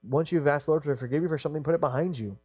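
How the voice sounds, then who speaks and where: A man's voice: on the high side, racing, a little mellow, slightly rough, no echo, dull audio. A man preaching a sermon in an earnest, repetitive way, often restarting his sentences.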